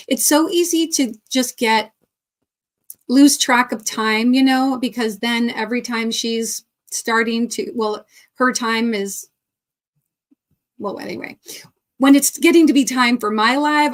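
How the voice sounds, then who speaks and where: Woman on a craft livestream, kinda high voice, reading chat out and saying hi to everyone. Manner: chatty and warm, greets viewers by name, laughs often. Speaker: crochet livestream host. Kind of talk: casual livestream chat reading viewer comments.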